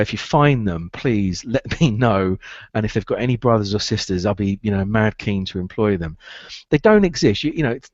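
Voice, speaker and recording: A man's voice: medium pitch, dry recording, lo-fi sound. A man giving a training talk on running a recruitment business, emphatic and repeating key phrases to drive them home.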